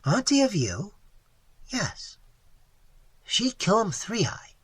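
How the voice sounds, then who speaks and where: A reader voicing a terse Seminole man in a storybook reading, speaking in short, emphatic broken phrases, raised and husky. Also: sits high, wildly swooping pitch, takes it slowly, fairly bright tone, dry recording, voice pushed up, exaggerated voice. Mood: insistent. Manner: clipped broken speech, emphatic. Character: terse male Seminole man in an old tale.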